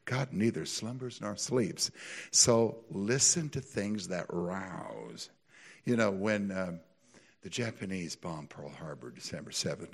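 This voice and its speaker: A gravelly man preaching with a lively, swooping voice. He tells stories with animated energy and climbs to high, excited peaks. His voice sounds slightly husky. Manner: animated storytelling, builds to high excited peaks, laughs often. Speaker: pastor. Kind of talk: sermon.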